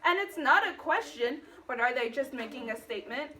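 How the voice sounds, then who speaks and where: High, bright-voiced woman teacher. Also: expressive, brisk, recorded from a distance. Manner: questioning, coaxing class, acts out exclamations in high squeaky voice. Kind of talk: phonics lesson to young children. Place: classroom. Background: children's voices.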